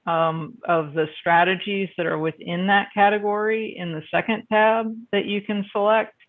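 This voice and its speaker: A man walks colleagues through a survey spreadsheet on a video call, stumbling over his words with constant fillers and restarts. His voice sits a little high with a gravelly edge. The sound is narrow and phone-like. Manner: halting, many fillers and restarts. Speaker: meeting presenter. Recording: phone-like band-limited video call audio.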